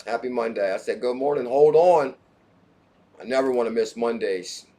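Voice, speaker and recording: A man hosting a crypto livestream, chatting casually and excitedly, hopping between topics and greeting viewers in the chat by name. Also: mid-range voice, fast.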